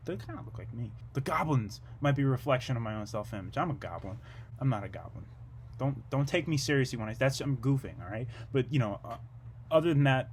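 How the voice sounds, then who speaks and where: A young man delivering a rambling, absurd comedic monologue in a low-key, deadpan way, drifting from one tangent to the next. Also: a little hiss or hum.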